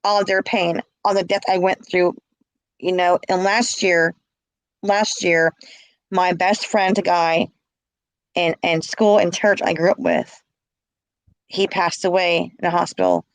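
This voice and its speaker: A woman's voice: lowish voice, animated, measured pace, pauses often, no room sound, poor audio. A middle-aged woman, telling a personal story with passion and repeating herself. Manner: impassioned, repeats herself, acts out quoted calls. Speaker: interviewee. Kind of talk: emotional personal account.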